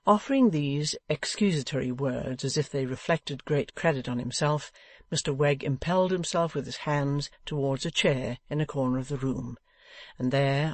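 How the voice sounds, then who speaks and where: With no echo in the recording, a man with a mid-range voice delivers an audiobook of a classic novel at an even, measured pace.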